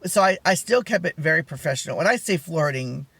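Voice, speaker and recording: A man with a soft, feminine-sounding voice telling a rambling story in a casual vlog chat. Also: a little high, fairly quick, breathy edge, no room sound. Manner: rambling, animated storytelling with many asides. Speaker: vlogger.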